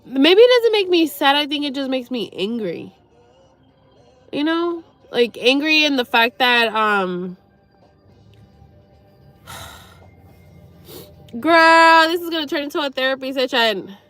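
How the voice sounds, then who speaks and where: A young woman with a high voice talks on a live stream in a halting, rambling way, swearing and sighing as she fights back tears. The sound is dry and close, with faint music playing underneath. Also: sing-song, fairly bright tone, dry recording. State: near tears. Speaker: livestreamer. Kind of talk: emotional personal talk to viewers.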